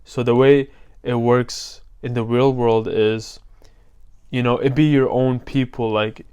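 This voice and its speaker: A man's voice: medium pitch, fairly even intonation, slow, dark tone, smooth. A young man giving a casual motivational vlog talk as a self-improvement coach, loose and slangy, with lots of fillers.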